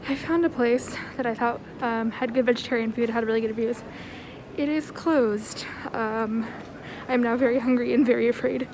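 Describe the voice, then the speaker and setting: A woman's voice: fairly high pitch, level tone, brisk, darkish tone, low-quality recording. A woman in her twenties talking casually to her phone camera in a self-deprecating, chatty vlog. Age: 20s. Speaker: vlogger.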